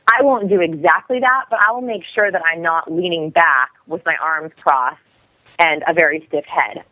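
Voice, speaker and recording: Quick energetic young woman explaining stuff, tinny dry phone sound. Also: low voice, no room sound. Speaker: guest expert on body language. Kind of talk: podcast interview over the phone.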